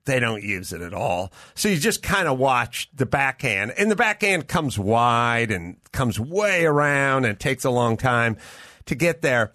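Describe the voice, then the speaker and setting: A man, a guest comedian, chatting casually and telling an animated anecdote, acting out the voices of the people in it. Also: mid-range voice, no room sound, clean studio sound. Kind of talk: casual chat storytelling.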